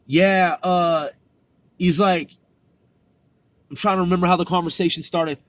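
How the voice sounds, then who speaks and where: A man's voice: sits high, fairly even intonation, a little slow, no echo. A man hosting a podcast, telling a story in a rambling, profane way with many restarts. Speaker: podcast host.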